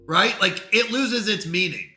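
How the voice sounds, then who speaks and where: Male streamer, casual chatter, high bright animated voice, echoey room. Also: a little slow, faint music behind. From New York. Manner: animated, acts out quoted people. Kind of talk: casual chat with live chat.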